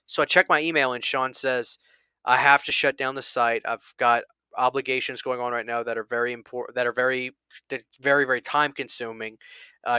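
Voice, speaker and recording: A man's voice: medium pitch, bright, forceful tone, smooth, no echo, studio quality. A man hosting a casual chat, telling a long story with many restarts and quoted lines. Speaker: channel host.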